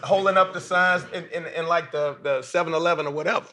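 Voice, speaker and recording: A man's voice: fairly high pitch, fairly even intonation, fast talker, sharp tone. A man moderating a panel, energetically quizzing young basketball players and coaxing answers.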